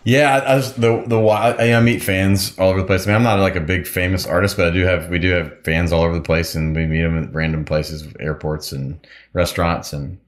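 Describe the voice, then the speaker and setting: A musician and pilot as an interview guest, telling stories in a rambling, laughing way with many restarts. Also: male voice, deep voice, fairly even intonation, fairly quick. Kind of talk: casual storytelling interview.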